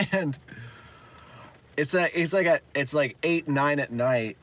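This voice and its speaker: A man casually telling a personal story, candid and profane, halting with many restarts and dropping low and quiet when he admits fault. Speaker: storyteller recounting his own past.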